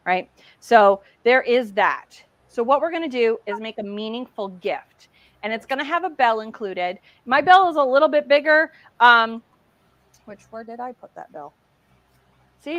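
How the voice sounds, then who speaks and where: A middle-aged woman hosting a casual craft livestream, chatty and excitable as she demonstrates while talking. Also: a little high, dry recording.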